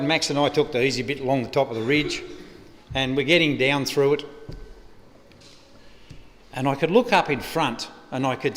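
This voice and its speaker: At a lectern microphone in a funeral service venue, a man with an Australian accent gives a eulogy, spinning a rambling, humorous yarn. His voice is mid-range, and the echoey funeral hall recording has slight background noise.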